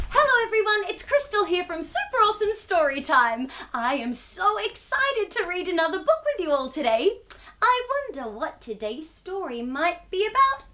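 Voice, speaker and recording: A woman's voice: very high voice, very animated, moderate pace, bright, forceful tone, faint music behind. A young woman hosting a children's storytime, bubbly and sing-song, talking to young viewers as if they answer back.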